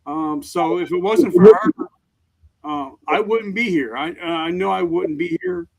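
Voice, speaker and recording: A middle-aged man, a veteran guest on an interview show, speaking earnestly and openly in halting sentences. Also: sits high, wildly swooping pitch, gravelly, crowd noise. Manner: earnest, halting, emotionally open. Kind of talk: candid interview talk.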